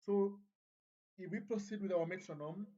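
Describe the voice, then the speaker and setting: Give me a woman counting beats in a music lesson, on muffled low-fi audio. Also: normal speed, warm tone. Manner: counts beats and chants rhythm syllables. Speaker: music teacher. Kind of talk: revision lesson.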